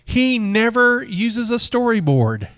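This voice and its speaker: A man's voice: very high voice, very animated, slow pace, fairly bright tone, smooth, no echo. A man co-hosting a podcast, reading out trivia with eager stumbles and laughs in casual chat. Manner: enthusiastic, reads facts aloud with stumbles and laughs. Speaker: podcast co-host.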